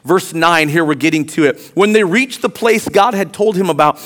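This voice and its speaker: High-voiced male pastor preaching emphatically. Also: moderate pace. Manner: emphatic, swings from soft to loud. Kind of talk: sermon.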